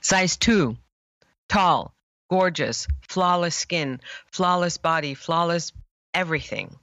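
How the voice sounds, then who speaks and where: A woman's voice: fairly low pitch, expressive, fairly bright tone, no room sound. Passionate woman telling emphatic stories. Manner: passionate, emphatic, dramatic pauses. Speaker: image therapist guest. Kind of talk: emotional storytelling interview.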